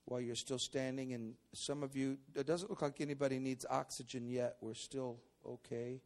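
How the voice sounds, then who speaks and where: A man, a pastor preaching a sermon in a church service, who swings from quiet asides to shouted exclamations and often repeats and restarts his words. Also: mid-range voice, steady tone, normal speed. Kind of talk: sermon with Bible reading.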